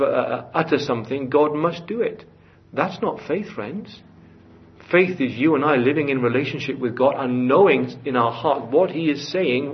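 Earnest male preacher, dull church recording. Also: mid-range voice. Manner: earnest, rising to fervent emphasis. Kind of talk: sermon.

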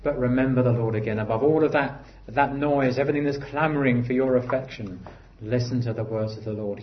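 A man delivers a sermon in an earnest voice of middle pitch. He lifts his voice for emphasis, then sinks to quiet, low phrases. The recording is a touch dull and muffled. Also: fairly quick, hardly any pauses, a little hiss or hum. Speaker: preacher.

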